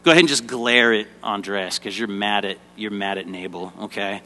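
A man's voice: fairly low pitch, normal speed, pushed and bright. A man leading an interactive Bible lesson for children, directing volunteers on stage and prompting the audience to call out responses. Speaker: children's ministry teacher. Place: church stage before a kids' audience. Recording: echoey hall reverb.

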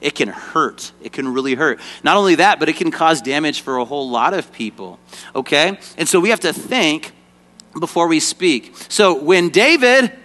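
Speaking at a moderate pace with a fairly high, somewhat bright voice and lively intonation, a man leads children in an interactive Bible lesson. As their ministry teacher on a church stage, he directs volunteers and gets the kids to call out answers, with hall reverb echoing around him.

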